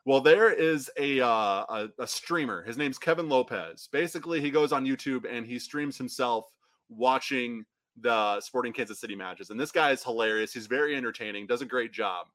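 A man co-hosting a soccer podcast, rambling in a casual chat with frequent restarts and quick laughs. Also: medium pitch, fairly bright tone, no echo. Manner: rambling, restarts often, laughs between phrases. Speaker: podcast co-host.

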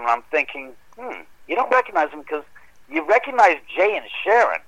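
A man telling a long personal ghost story in a casual chat, acting out the voices in his quotes. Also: rough recording. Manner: animated, acts out quoted dialogue with rising pitch. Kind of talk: casual storytelling on a podcast call.

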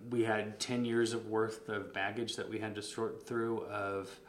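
A man's voice: lowish voice, flat delivery, a little slow, reverberant, slight background noise. A middle-aged man candidly telling a personal story as a podcast guest, earnest and openly emotional, with frequent ums.

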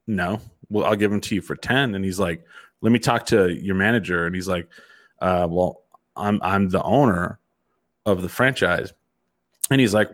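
A middle-aged man telling a profane, animated story in casual chat as a host. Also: on the low side.

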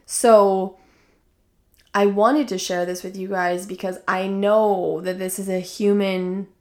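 A woman's voice: medium pitch, level tone, slow pace, darkish tone. A woman hosting a podcast, telling a personal story in a chatty, casual way with many fillers. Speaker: podcast host.

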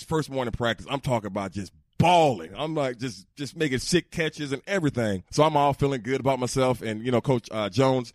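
Animated storytelling man, dry close sound. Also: no room sound. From Georgia, USA. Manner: animated, acts out quoted voices much higher. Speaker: guest, former football player. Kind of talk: casual storytelling.

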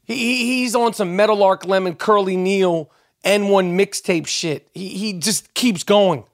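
A middle-aged man rants on his own podcast, his voice sitting high and unhurried. He's heated, profane and rambling, stammering and restarting often. The studio-quality recording has no room sound.

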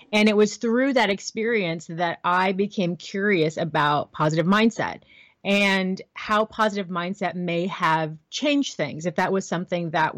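A woman's voice: on the low side, dry recording. Earnest woman guest, dry close sound. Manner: warm, earnest, laughs lightly. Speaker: voiceover artist and author, guest. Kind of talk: interview answers.

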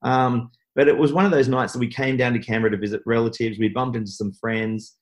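A man's voice: mid-range voice, steady tone, a little fast, rough recording. A man, a podcast guest telling a personal story in a rambling way with many restarts. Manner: rambling, full of restarts and fillers. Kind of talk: interview storytelling.

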